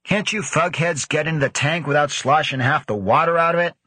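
A man's voice: low voice, very animated, normal speed, fairly bright tone, no room sound, heavily acted. A man voicing a scornful male test controller with a nasal, caustic way of talking. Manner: caustic, griping.

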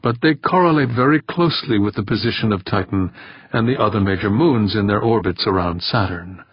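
A man's voice: on the low side, a little fast, slightly rough, no echo, muffled recording. A man playing a touchy, precise mathematician. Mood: explaining. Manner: matter-of-fact, slightly sharp.

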